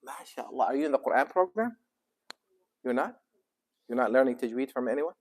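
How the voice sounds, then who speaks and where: A man's voice: medium pitch, expressive, fairly quick, noisy background. A middle-aged man, a sheikh, chatting casually and jokingly with teenagers in a mosque youth program. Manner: easygoing and joking. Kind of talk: casual chat with teens.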